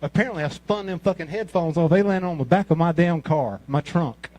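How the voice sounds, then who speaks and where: A man in his sixties with a Mississippi Southern drawl tells rambling, profanity-laced stories in a stand-up set. His voice sits a bit high for a man, and his delivery is crude, loose and conversational. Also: fairly quick, darkish tone, low-quality recording. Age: 60s. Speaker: amateur comic at a talent show. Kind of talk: stand-up storytelling.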